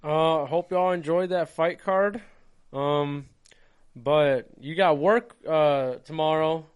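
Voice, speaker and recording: A man co-hosting a podcast, talking slowly with a crude, relaxed drawl. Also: a little high, clear, resonant tone, narrow, tinny audio. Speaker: podcast co-host. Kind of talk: crude casual banter.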